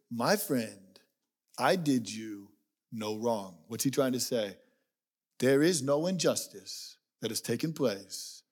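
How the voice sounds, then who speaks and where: A man preaching a sermon, telling a story and acting out the voices in it, dropping low and quiet to make a point. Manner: storytelling, acts out quoted voices, drops low and quiet for emphasis. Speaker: pastor.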